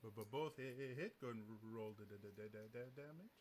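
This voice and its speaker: A man's voice: mid-range voice, quick pace, a crowd in the background. A man narrating as game master, with a heavy stutter that catches on first sounds of words.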